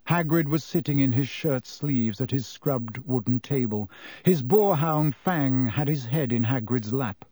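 A man reading a novel aloud as audiobook narrator in measured storytelling. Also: medium pitch, mellow, no room sound. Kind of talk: scripted narration.

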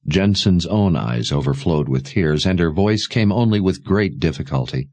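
A man narrating a novel aloud in a measured, expressive storytelling manner. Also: a bass voice, no echo. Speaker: audiobook narrator. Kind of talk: scripted narration.

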